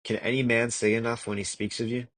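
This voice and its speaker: A young man reading a classic religious text aloud as an amateur audiobook narrator, measured and earnest, with occasional slips and restarts. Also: medium pitch, flat delivery, a bit bright, dry recording. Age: young adult. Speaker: audiobook reader.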